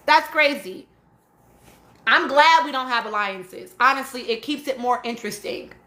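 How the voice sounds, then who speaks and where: A woman's voice: fairly high pitch, unhurried, bright, forceful tone, echoey room. A woman hosting a live stream, talking casually and emphatically and often checking in with "right?" as she reads and answers chat comments. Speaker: podcast host reading live chat.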